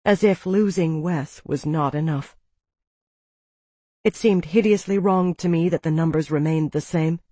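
A narrator reading a first-person novel aloud in a quiet, somber storytelling manner. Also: medium pitch, measured pace, no echo. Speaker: audiobook narrator.

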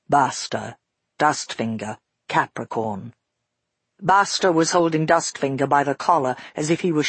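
A man voicing a father who tells his daughter a frightening past event in a measured, earnest first-person telling. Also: a little high, breathy edge, no room sound. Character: grown father recounting a frightening past, shaken. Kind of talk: audiobook narration.

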